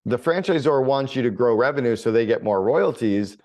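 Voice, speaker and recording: A man's voice: mid-range voice, lively intonation, brisk, darkish tone. A middle-aged man telling stories bluntly in a casual podcast conversation, with the odd swear word. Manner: blunt, storytelling with mild swearing. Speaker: business coach and author.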